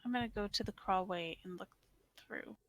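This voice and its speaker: A woman's voice: mid-range voice, moderate pace. A woman playing a tabletop game, stating her character's actions in short, direct lines. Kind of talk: casual tabletop play.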